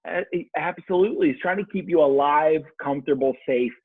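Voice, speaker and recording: Brief: husky male coach, dry and close, heard through a tinny call line, calm explainer. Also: on the high side, fairly quick, dry recording. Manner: calm, explanatory, reframes ideas. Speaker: leadership coach guest. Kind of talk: casual conversation.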